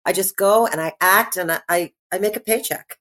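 A middle-aged woman, an actress, guests on a podcast and chats casually at a medium pitch. She rambles with animation, keeps restarting her sentences and fills pauses as she goes.

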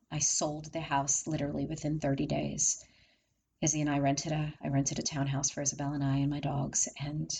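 A woman's voice: low voice, gravelly, darkish tone, a little hiss or hum, low-quality recording. A woman telling her own life story as a candid monologue, repeating phrases and asking the listener rhetorical questions. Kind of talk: personal testimony monologue.

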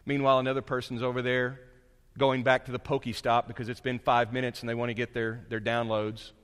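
A male preacher giving a sermon, moving between quiet, low asides and raised, emphatic points. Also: flat delivery, brisk, clean tone. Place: church sanctuary. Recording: long reverb of a large hall.

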